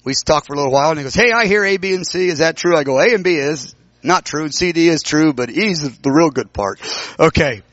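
A man preaching, telling a personal story and acting out the dialogue with sudden high exclamations. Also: lively intonation, quick pace, fairly bright tone, no room sound, highs cut off. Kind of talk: sermon storytelling.

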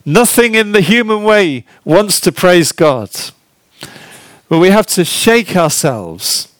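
A man's voice: high voice, sing-song, slow, a bit bright, dry recording. A man preaching a sermon in an earnest, conversational way, asking the listeners questions. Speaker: pastor.

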